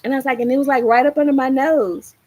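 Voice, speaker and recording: A middle-aged woman hosting a gardening livestream, telling a story in a casual, animated way and acting out the lines she quotes. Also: fast talker, poor audio. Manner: animated, acts out quoted lines with rising pitch. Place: small home patio garden, outdoors.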